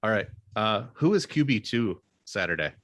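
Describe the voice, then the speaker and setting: A man with a low voice, producer on a casual sports podcast. He keeps it brief and reads out prepared questions and picks. The sound is dry and close. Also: sing-song, moderate pace, a bit bright, no room sound.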